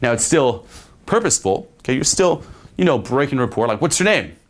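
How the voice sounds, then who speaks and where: A young male dating coach with a mid-range, sing-song voice teaches a dating lesson fairly quickly in a casual way. It's a spoken lesson with acted examples, and he often checks in with "okay?" and swears now and then.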